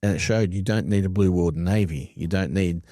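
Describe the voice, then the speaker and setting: A man co-hosting a podcast, with a very low, mellow voice. He is blunt and opinionated, and he curses casually. The sound is close and dry, with no room around it. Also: fairly quick, dry recording. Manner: blunt, opinionated, swears freely. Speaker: podcast co-host.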